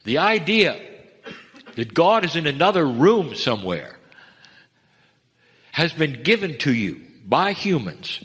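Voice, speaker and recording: A man delivering a channeled spiritual message, measured and earnest, addressing listeners as dear ones. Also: a little high, very animated, fairly bright tone, breathy edge. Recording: long reverb of a hall.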